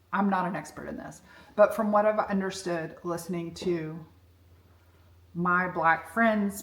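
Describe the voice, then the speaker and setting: A woman's voice: lowish voice, creaky. A middle-aged woman giving a candid, reflective personal monologue, telling her story frankly. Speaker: self-development speaker. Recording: echoey room.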